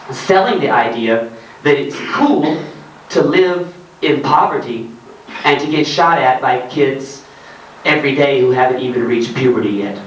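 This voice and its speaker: A man's voice: a little high, slight background noise. A man giving a comedic reading of his own writing to a live audience, ranting sardonically and laughing at his own jokes. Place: arts centre hall in Germany. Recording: roomy live hall, distant mic, faint ambience.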